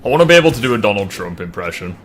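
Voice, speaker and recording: Bright-voiced man streaming. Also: lowish voice, big pitch swings, very fast, slight background noise. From England (York). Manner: joking, banters with chat. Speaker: streamer host. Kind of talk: casual gaming stream chat.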